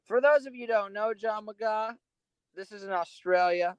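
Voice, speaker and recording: A man's voice: sits high, clean tone, no echo, dull audio. A man co-hosting a podcast, teasing his friend in casual chat. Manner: teasing, quick with jokes. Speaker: podcast co-host.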